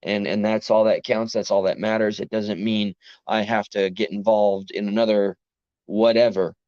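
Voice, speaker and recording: A man's voice: fairly low pitch, little pitch movement, moderate pace, a little mellow, clean tone, no room sound. A man with a New York accent, ranting earnestly and rambling to his live chat late at night, tired after a long workday. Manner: rambling, self-interrupting, earnest. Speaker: livestream host. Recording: dry, dull lo-fi sound.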